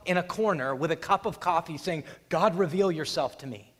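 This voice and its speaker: A man preaches with a high, lively voice, retelling a scripture scene with drama and acting out what its people say. His voice rings out with the long reverb of a large hall. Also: moderate pace. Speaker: pastor. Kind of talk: sermon.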